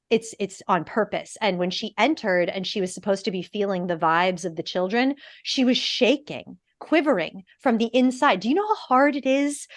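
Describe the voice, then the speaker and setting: A woman co-hosting a podcast, chatting casually about a film, gushing and animated, now and then swearing. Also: a little high, dry recording, clean studio sound. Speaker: podcast co-host. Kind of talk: casual film review chat.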